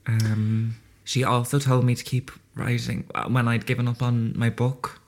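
A man's voice: medium pitch, flat delivery, unhurried. An Irish man co-hosting a podcast, telling a story in casual chat and laughing giddily as he goes. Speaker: podcast co-host.

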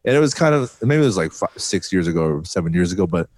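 Male podcast host, very deep voice, dry sound, laid-back. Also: quick pace, no room sound. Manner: laughs often, loose and relaxed. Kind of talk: casual chat. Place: podcast studio.

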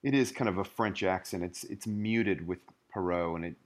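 Playful man with a lowish voice. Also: normal speed. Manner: playful, chuckling, expressive. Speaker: podcast co-host. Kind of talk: casual book-discussion chat.

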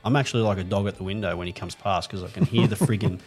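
A man's voice: fairly low pitch, rapid-fire, husky, faint music behind. A man co-hosting a podcast, telling crude stories in a casual, swear-heavy chat. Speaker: podcast co-host.

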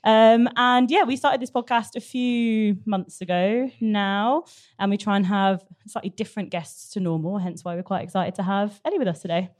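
A woman's voice: mid-range voice, steady tone, moderate pace, a little mellow. A young woman co-hosting a podcast, talking casually and laughing easily. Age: young adult. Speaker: podcast co-host. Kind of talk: casual chat.

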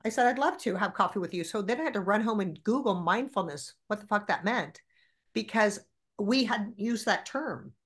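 A woman's voice: mid-range voice, normal speed. A woman in her forties, a podcast guest, telling stories candidly and animatedly with plenty of swearing. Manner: animated, profane storyteller.

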